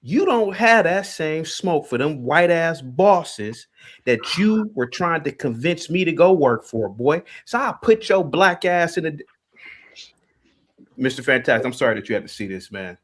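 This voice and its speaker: Male stream host: confrontational, taunting rant, pitched a bit high, very animated delivery. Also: measured pace. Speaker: livestream host. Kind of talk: heated call-in stream rant.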